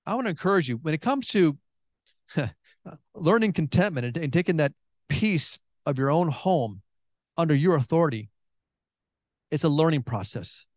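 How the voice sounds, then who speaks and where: A middle-aged man preaches with a slightly raised pitch, pressing his points hard. He repeats phrases for emphasis and swings between excited bursts and quiet, intense stretches. The sound is dry and close. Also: moderate pace, pauses often, dry recording. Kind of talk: sermon.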